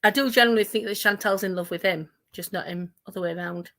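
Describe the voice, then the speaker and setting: Woman, commentary host, mocking, taunting, middle pitch. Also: quick pace, a bit bright. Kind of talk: reaction commentary.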